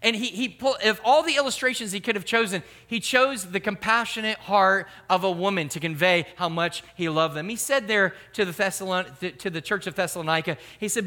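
A man's voice: high-pitched, brisk, hardly any pauses, sharp tone. A middle-aged man, a pastor, giving an earnest, emphatic sermon.

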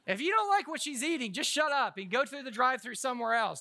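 A male pastor delivers a sermon with a high-pitched voice and a bright, forceful tone. His talk is conversational and full of jokes, and he often stumbles and restarts mid-sentence as he tells stories. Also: sing-song, moderate pace. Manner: humorous, conversational storytelling with frequent restarts.

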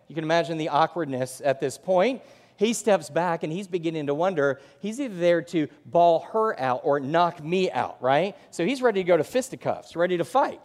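A male pastor preaching a sermon with animated delivery, acting out the voices of the people he quotes. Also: on the high side, moderate pace. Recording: long hall reverb.

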